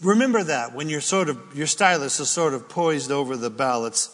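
A man's voice: fairly high pitch, lively intonation, moderate pace, fairly bright tone, long reverb tail. A man hosting a Christian talk show, giving a rambling, jokey opinion monologue with frequent asides. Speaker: Christian radio or podcast host.

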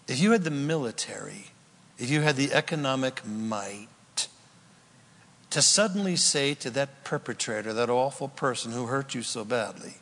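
A pastor preaching a sermon, telling the story with animated energy and then dropping to a hushed, earnest prayer. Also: male voice, medium pitch, normal speed, pauses often. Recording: long reverb in a large hall.

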